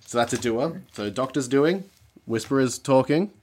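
A man narrating as game master over an online call, with a relaxed, wry and slightly halting delivery. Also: mid-range voice, husky.

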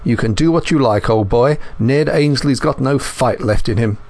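A man voicing a rough, surly down-and-out man who whines like a beggar, in an audiobook reading. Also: medium pitch, normal speed, a little mellow, no echo, lightly acted. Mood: whining. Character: surly down-and-out man, hungry and whining. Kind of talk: audiobook character voice.

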